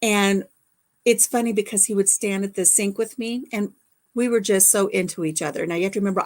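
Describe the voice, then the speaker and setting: An older woman hosting a casual livestream chat, telling stories warmly and laughing often. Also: mid-range voice. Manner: chatty storyteller, laughs often. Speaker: livestream host.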